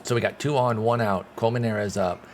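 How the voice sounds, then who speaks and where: A man giving casual play-by-play commentary while playing a baseball game, excitable and swearing when things go wrong. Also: lowish voice, brisk, a little hiss or hum. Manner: excitable, swears when frustrated, talks to himself. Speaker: gaming channel host.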